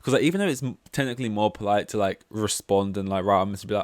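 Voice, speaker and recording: A man's voice: on the low side, racing, dry recording, studio quality. A man hosting a casual solo podcast, talking in a rambling, candid and self-deprecating way. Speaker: podcast host.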